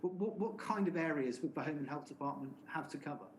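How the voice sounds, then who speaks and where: A man's voice: a little high, fast, rough recording. Male lawyer asking questions, methodical, lots of uhs, faint hiss behind. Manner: methodical, explanatory, many fillers. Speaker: inquiry counsel. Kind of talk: formal questioning.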